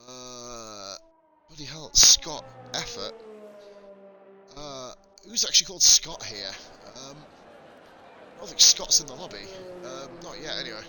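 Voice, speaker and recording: Sweary northern English race commentator. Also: male voice, medium pitch, animated, a little slow, pushed and bright, poor audio. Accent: northern English mixed with Welsh. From northern England. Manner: swears freely, banters with viewers. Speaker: sim racing commentator. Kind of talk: live-stream race commentary chatting with chat.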